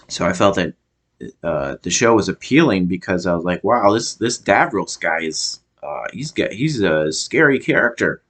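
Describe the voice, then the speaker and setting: Man, American accent, deep voice, casual review monologue, halting, searching for words. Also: lively intonation, a bit bright. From United States. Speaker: show reviewer.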